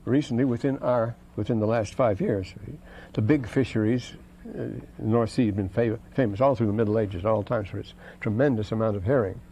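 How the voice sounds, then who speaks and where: Mellow-voiced man giving a rambling lecture. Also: on the low side, fairly quick, slight background noise, rough recording. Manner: digressive, with many asides of "you see"; reads quoted verses aloud with rising emphasis. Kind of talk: scripture lecture.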